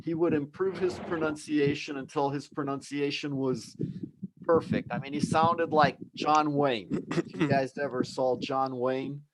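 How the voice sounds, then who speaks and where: A man's voice: fairly high pitch, steady tone, unhurried, slight background noise, rough recording. Upbeat encouraging male English teacher. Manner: explanatory, encouraging, conversational. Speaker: English teacher hosting a live class. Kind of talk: live online lesson.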